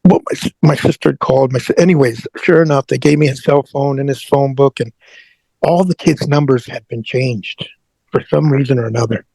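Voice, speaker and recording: A man's voice: medium pitch, fairly quick, creaky, warm tone, husky, no room sound. A man who is a guest on an interview show, telling a personal story earnestly and often repeating his words.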